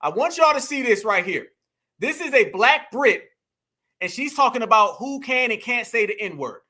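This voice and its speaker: A man's voice: extremely high pitch, expressive, moderate pace, pushed and bright. A man hosting a reaction commentary, addressing viewers as "y'all" and "family" and repeating phrases for emphasis. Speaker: commentary host.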